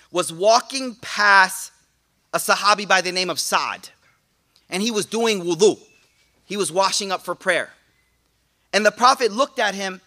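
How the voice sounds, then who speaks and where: A man giving a lively religious talk to a congregation, slangy and casual, with frequent restarts and playful asides. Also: sits high. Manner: animated, playful preaching. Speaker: Islamic teacher.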